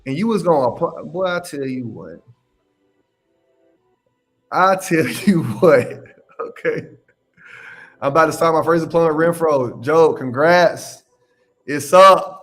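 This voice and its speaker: A young man hosting a casual livestream Q&A as a mentor. He talks in an animated, slangy way, laughs often and repeats his phrases. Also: on the high side, takes it slowly, pauses often, faint music behind. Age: young adult. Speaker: independent adjuster mentor hosting a live Q&A.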